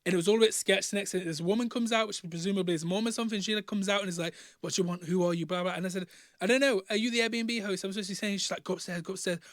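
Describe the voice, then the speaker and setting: Young teesside guy rattling through a studio story, quick and slangy, voice sits kinda high, dry close mic. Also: dry recording. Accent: Teesside English. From Northeast England. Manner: animated, slangy storytelling with acted-out quotes. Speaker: musician. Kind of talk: storytelling vlog.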